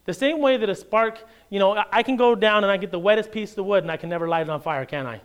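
Preacher guy giving a sermon, kinda high voice, jokey and chatty, lots of questions at the crowd. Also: clear, resonant tone. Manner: lively, joking conversational preaching with rhetorical questions; reads scripture aloud in a measured tone. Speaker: pastor.

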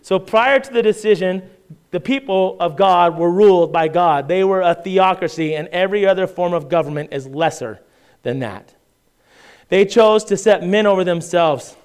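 A man delivers a sermon in a conversational way, weaving in scripture readings and frequent check-ins with his listeners. His voice is smooth and resonant. It sits a little higher than most men's. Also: moderate pace, darkish tone. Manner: conversational preaching with frequent "right?" asides and restarts; reads scripture aloud in King James style. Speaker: pastor.

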